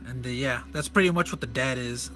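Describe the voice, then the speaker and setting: Male reviewer, casual and excitable, restarts and self-corrections; bright, sharp tone, faint music underneath. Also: mid-range voice, brisk. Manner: enthusiastic, rambling, self-correcting. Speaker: comic reviewer. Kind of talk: casual comic walkthrough.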